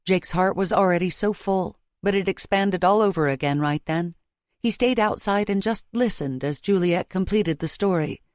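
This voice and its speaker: A woman reading a romance audiobook in a measured, emotive way, close to the microphone. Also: fairly low pitch, a little mellow, no echo. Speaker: audiobook narrator. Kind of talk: scripted romance narration. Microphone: close studio mic.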